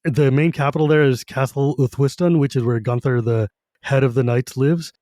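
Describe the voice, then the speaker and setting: A man's voice: mid-range voice, steady tone, moderate pace, warm tone, dry recording, studio quality. Enthusiastic man rambling about books. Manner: enthusiastic, rambling, swears casually. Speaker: podcast co-host. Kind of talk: casual fan discussion.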